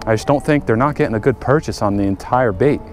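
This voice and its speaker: A man's voice: medium pitch, quick pace, soft background music. A man talking casually to viewers while working on his car and fishing at a lake, chatty and easily frustrated. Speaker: fishing vlogger. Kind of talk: casual vlog narration. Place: outdoors by a lake.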